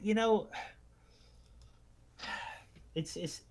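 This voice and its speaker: Man, co-host, on the high side for a man, talks in lively bursts and mimics opponents in put-on voices; casual podcast chat. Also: very slow. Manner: animated, acts out what others say in mocking voices.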